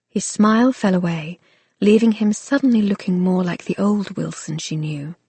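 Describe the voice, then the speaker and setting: A woman reading a romance novel aloud as an audiobook narrator, in a measured, soft-spoken way. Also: mid-range voice, slightly rough, dry recording.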